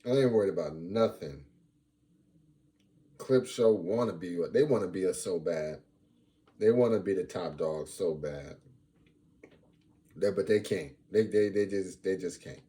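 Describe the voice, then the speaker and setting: A man's voice: deep voice, a little slow, pauses often. A young man hosting a casual sports fan vlog, talking playfully and repeating lines for emphasis. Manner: animated, playful trash talk.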